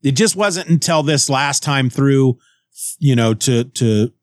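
A man's voice: medium pitch, animated, slow pace, dry recording. Chatty man reviewing comics, dry close sound. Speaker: comic book podcast host. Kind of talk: casual comic review narration.

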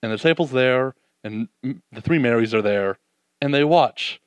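Male preacher, mid-pitched, lively scripture retelling, dead-dry close recording. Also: clean tone, dry recording, dull audio. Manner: animated, voices the disciples' doubts, drops soft and slow for reflection. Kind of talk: sermon.

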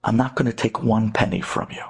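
A man voicing a calm, stubborn young male yeshiva student who speaks low and firm. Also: fairly quick, creaky, husky, full character voice.

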